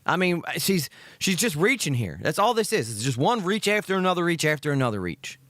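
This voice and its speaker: A man from Georgia in the US, filling in as host of a live reaction stream, talking in a profane rant that swings to loud outbursts. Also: fairly high pitch, sing-song, fairly quick, no echo, clean studio sound. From Georgia, USA.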